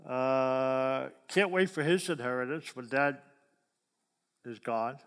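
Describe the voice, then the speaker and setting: A man's voice: mid-range voice, slow pace, smooth. A man preaching a sermon in a folksy way, often asking his listeners questions. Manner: folksy, asks the crowd questions. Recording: long hall reverb.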